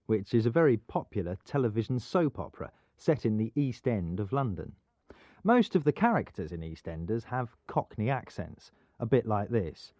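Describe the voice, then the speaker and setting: Lively male presenter, dry studio. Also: on the low side, moderate pace, dry recording. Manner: clear, explanatory. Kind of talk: scripted educational narration. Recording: dull, dry studio sound.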